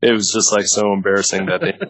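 A man in his thirties, an actor and producer appearing as a podcast guest, tells casual stories in a rambling way, full of fillers and frequent laughter. His voice is fairly low and fairly bright with a level tone, and he talks fast. The recording is dry and low quality.

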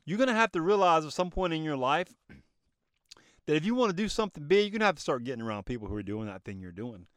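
Man, podcast host, preachy motivational monologue, slightly high voice, dry close phone sound in a car, throat a bit choked. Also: very animated, fast, a bit bright, no echo. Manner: preachy, emphatic, asks himself rhetorical questions. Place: in his car.

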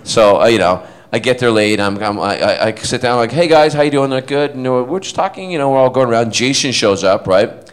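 A man's voice: fairly low pitch, brisk. A middle-aged man on stage at a fan panel, telling funny stories and acting out the quotes as he goes. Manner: animated storyteller who acts out quotes. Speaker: convention panel guest. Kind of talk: casual anecdote telling on stage.

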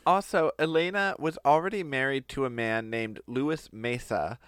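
A man's voice: medium pitch, moderate pace, fairly bright tone, clean tone. A male podcast co-host casually telling a story, often laughing as he talks.

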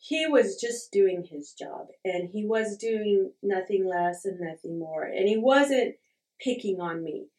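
Taking her time, a middle-aged Utah woman tells a personal story with lively intonation in a medium-pitched, somewhat dark voice. She's candid and laughs a lot, poking fun at herself. The recording is echoey, with the mic set back from her.

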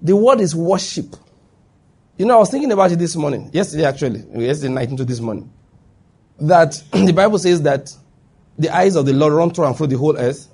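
A man delivers a sermon to a congregation in front of him. His voice sits a little high and sounds husky, and he presses each point hard, repeating himself and asking again and again whether his listeners understand. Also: animated, a little fast, darkish tone. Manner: emphatic, checks in with listeners. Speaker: preacher. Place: before a live congregation.

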